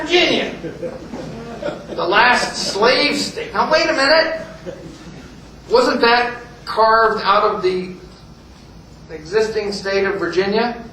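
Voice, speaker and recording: A man's voice: high voice, bright, forceful tone, a little hiss or hum. A man giving a folksy, joking history talk at a meeting, often restarting phrases. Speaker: speaker at a heritage group meeting. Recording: echoey hall, speaker far from mic.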